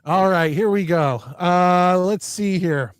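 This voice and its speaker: High-voiced man running the show. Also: takes it slowly, smooth, no room sound, clean studio sound. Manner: easygoing, steers the segment. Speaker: host. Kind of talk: casual chat.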